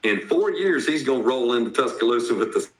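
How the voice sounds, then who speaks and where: A man's voice: mid-range voice, expressive, fairly quick, reverberant, low-quality recording. A man with a strong Southern accent, talking football in a blunt, folksy way and laughing often. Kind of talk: casual sports talk.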